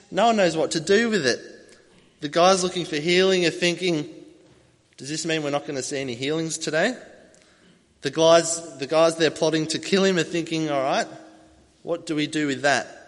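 A man's voice: on the high side, fairly bright tone. A man preaching a sermon, telling a story with animation and acting out voices as he goes. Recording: long hall reverb.

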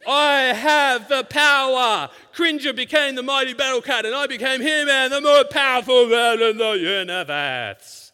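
A man putting on the voice of a heroic young male cartoon prince, loud and booming. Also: lively intonation, moderate pace, few pauses, clear, resonant tone, heavily acted. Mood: triumphant. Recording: long hall reverb.

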